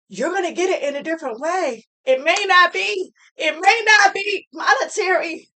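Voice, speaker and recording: A woman's voice: very high-pitched, normal speed, few pauses, sharp tone. A woman giving a heartfelt motivational talk to camera, earnest and preachy, repeating phrases for emphasis. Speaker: motivational speaker.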